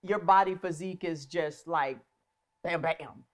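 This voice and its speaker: A middle-aged woman hosting a casual interview, telling a lively story and acting out what people said. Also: lowish voice, a little slow. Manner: animated storyteller, acts out quotes. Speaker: host.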